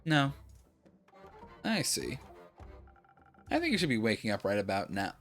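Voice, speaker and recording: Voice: wildly swooping pitch, moderate pace, a bit bright. Sleepy streamer mumbling through a game, voice swings around a lot, faint music under it. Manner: drowsy, yawning, low-key asides. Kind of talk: casual let's-play commentary.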